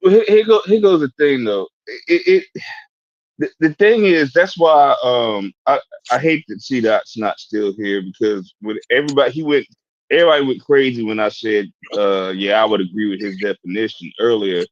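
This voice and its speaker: A man in a casual podcast debate, talking in halting bursts with many restarts and fillers. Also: mid-range voice, dry recording, dull audio. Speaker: podcast panelist.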